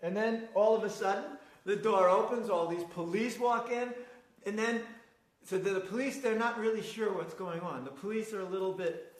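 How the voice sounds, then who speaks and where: Excitable older man acting out a story. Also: high voice, moderate pace, roomy sound, low-quality recording. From United States. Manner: excited, acts out quoted voices. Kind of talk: casual storytelling conversation.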